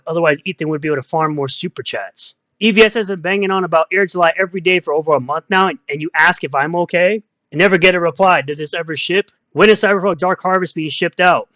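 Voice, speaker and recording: A man's voice: sits high, a bit bright, dry recording, muffled recording. A man giving ranting online commentary in a combative, mocking way, repeating insults as he reads out comments.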